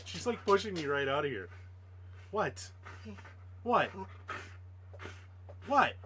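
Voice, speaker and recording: Man, slow talker, fairly high voice, casual stream chat, laughs a lot, faint background noise. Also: sing-song, sharp tone. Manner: laughs often, chats with viewers and his dog. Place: home.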